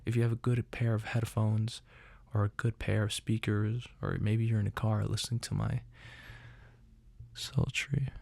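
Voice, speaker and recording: Gravelly-voiced man in a casual gear demo. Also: fairly low pitch, completely flat delivery, moderate pace, a little mellow, no echo. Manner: rambling, self-deprecating, jokey asides. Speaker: channel host. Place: untreated home room. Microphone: studio condenser mic through outboard chain.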